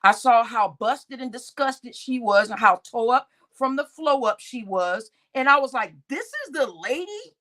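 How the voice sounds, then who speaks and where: Woman channel host, a bit high-pitched, casual and profane, animated rant straight to camera. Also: a little slow, hardly any pauses. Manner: talks straight to her audience as y'all. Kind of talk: casual venting to viewers.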